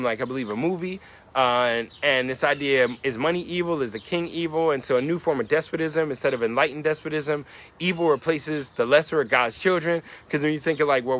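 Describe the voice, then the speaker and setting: A man's voice: fairly high pitch, fairly bright tone. A man in his forties, a rapper explaining his lyrics in a reflective monologue, musing and asking many rhetorical questions. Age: 40s.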